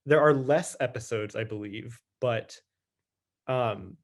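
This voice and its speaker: A man co-hosting a podcast in casual chat, with a deadpan, teasing way of questioning. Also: medium pitch, takes it slowly. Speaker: podcast co-host.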